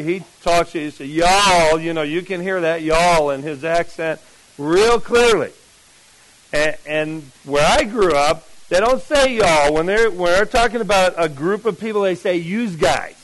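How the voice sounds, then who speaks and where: A middle-aged man from New Jersey, whose accent has mostly worn off, preaches at a camp meeting in a fairly high voice. He talks to the congregation like a storyteller, full of asides and questions. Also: moderate pace, rough recording. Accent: mixed American, mostly lost New Jersey. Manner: chatty storyteller, animated asides to the audience. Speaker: pastor. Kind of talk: sermon.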